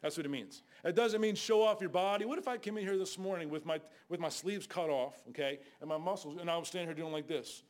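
An older man preaching a fiery Bible sermon as a guest preacher, scolding loudly and then dropping to low asides. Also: fast, few pauses. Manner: loud, scolding, shifts between shouting and low asides.

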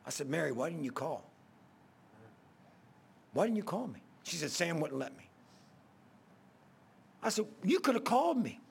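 Gravelly preacher telling a story. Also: male voice, a little high, lively intonation, a little slow, pauses often. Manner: rambling, repeats himself, swells loud at emotional peaks. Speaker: pastor. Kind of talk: folksy storytelling sermon.

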